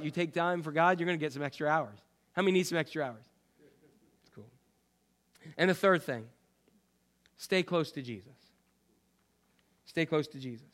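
Male pastor, sermon, animated, slightly high voice, loud then quiet. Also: clear, resonant tone. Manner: animated preaching, swinging from loud emphasis to quiet asides.

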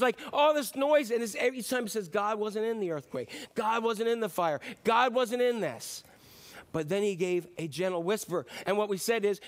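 A middle-aged pastor with a high voice preaching in a church. He talks in a loose, chatty way, piles up rhetorical questions and drifts into asides to the congregation. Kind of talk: sermon.

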